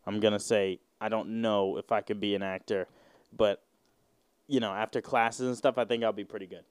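A man's voice: fairly low pitch, steady tone, normal speed, clean tone, dry recording. A man in his twenties hosting a solo podcast, rambling and joking with plenty of profanity. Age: 20s. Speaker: podcast host. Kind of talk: casual solo podcast rant.

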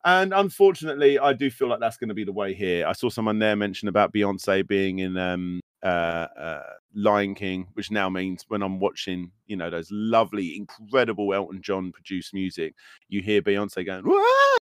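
Ranting man, lower voice. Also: normal speed, clean tone, dry recording, studio quality. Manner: ranting, animated, with many fillers. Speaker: podcast host. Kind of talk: casual chat.

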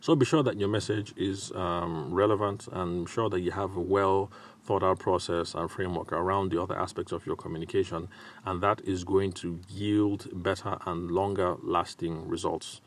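A man hosting a solo advice podcast, talking in a measured way with frequent filler pauses. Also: low-pitched, steady tone. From Nigeria. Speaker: podcast host.

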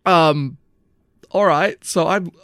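A man's voice: a little high, slow, a bit bright, no echo, clean studio sound. A man telling a long, rambling story in casual chat, swearing often. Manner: rambling anecdote, frequent swearing and "like".

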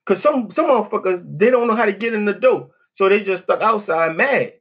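A man with a New Orleans accent holds forth alone on his podcast, blunt, profane and rambling, tossing in "you know what I'm saying" again and again. His voice sits a little high and sounds husky. The recording is dull and lo-fi. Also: lively intonation, brisk. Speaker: podcast host. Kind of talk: casual monologue.

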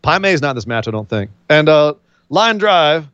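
Male co-host, mid-pitched, rambling and jokey, dry lo-fi stream audio. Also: sing-song, moderate pace, a bit bright, clean tone, no room sound. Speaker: podcast co-host. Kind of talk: casual wrestling predictions chat.

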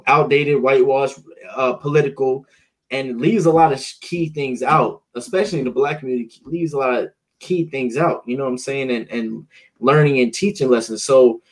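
A man's voice: medium pitch, moderate pace, poor audio. A man hosting a podcast, chatting loosely and animatedly, swearing freely and calling people "bro". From United States. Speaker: podcast host. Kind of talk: casual chat.

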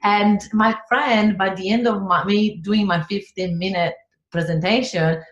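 A woman with an Italian accent, a business coach telling stories in a podcast interview, animated and laughing often. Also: medium pitch, a little slow, reverberant, lo-fi sound. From Italy.

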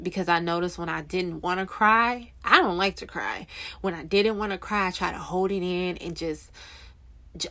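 A young woman with a fairly low, fairly bright voice offers casual, earnest Christian encouragement to spouses who are waiting. She rambles a little and corrects herself as she speaks.

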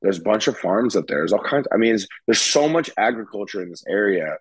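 Man, casual chat, animated, laughs often, low-ish voice, dry sound. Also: fast talker, slightly rough, no room sound, rough recording. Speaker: podcast co-host. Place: California.

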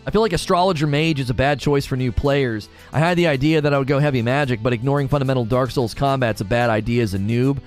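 A man chatting casually on a livestream, animated, ranting and laughing often. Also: mid-range voice, fast talker, hardly any pauses, soft background music. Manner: animated, rants and laughs a lot. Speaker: streamer.

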